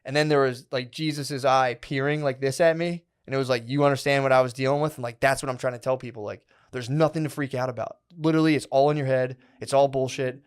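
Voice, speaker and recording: A man's voice: mid-range voice, steady tone, fast, few pauses, clean tone. Male podcast co-host, 30s, loose rambling storyteller, laid-back slang-heavy chat. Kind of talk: casual chat.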